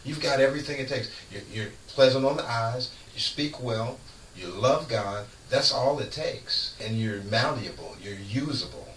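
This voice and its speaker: A man who is a guest on a radio show, preaching in casual chat with fervent, lively storytelling. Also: mid-range voice, normal speed. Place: radio studio. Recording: echoey room, far from mic, faint noise.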